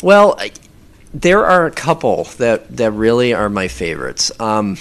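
Low-voiced man, halting and rambling. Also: big pitch swings, gravelly, fairly bright tone. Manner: rambling, halting, many fillers and restarts. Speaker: audio performer interviewed about his work. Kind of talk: casual interview talk.

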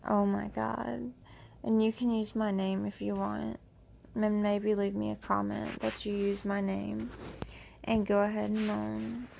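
Woman, adult audio role-play; slow, teasing, flirtatious delivery, very gravelly fry. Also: mid-range voice, a little mellow. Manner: slow, teasing, flirtatious talk addressed to the listener. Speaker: erotic audio creator.

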